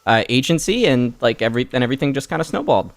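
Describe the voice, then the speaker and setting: A man's voice: mid-range voice, animated, rapid-fire, dry recording. Young man hosting a live stream, dry sound. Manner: chatty, trailing off with fillers. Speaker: streamer and host. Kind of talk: casual live-stream chat.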